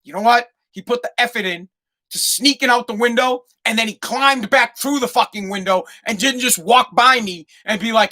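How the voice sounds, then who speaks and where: A middle-aged American man hosting a podcast, telling comedic stories in an animated, heavily profane way. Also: extremely high pitch, moderate pace. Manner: animated and profane, swears constantly. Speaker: podcast host.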